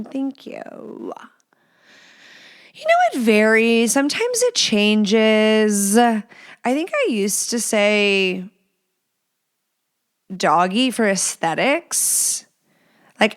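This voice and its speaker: A woman's voice: medium pitch, vocal fry. A woman hosting a podcast, talking in a frank and blunt way as she answers listener questions, swearing freely and using lots of fillers. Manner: chatty with many fillers. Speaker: podcast host.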